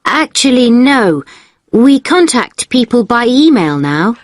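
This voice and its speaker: A woman's voice: a little high, very animated, slow, dry recording, studio quality. A woman playing a polite hotel receptionist in a scripted exam dialogue, using a formal service tone. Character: courteous female hotel receptionist.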